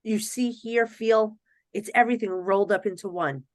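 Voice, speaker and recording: A middle-aged woman, a psychic medium guest on a podcast, telling stories in a casual, animated way, often acting out other people's voices and laughing. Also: medium pitch, normal speed, dry recording. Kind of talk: casual storytelling in a podcast interview.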